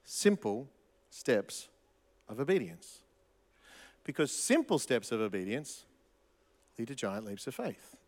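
A man preaching a sermon as pastor, animated, with frequent restarts and emphatic repetition. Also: mid-range voice, slow pace, pauses often, in a large hall.

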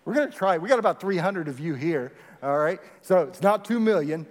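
A man preaching a sermon to a large congregation, lively and rallying, leading them in call and response. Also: on the high side, fairly quick. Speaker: pastor. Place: large church hall. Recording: echoey hall with long reverb.

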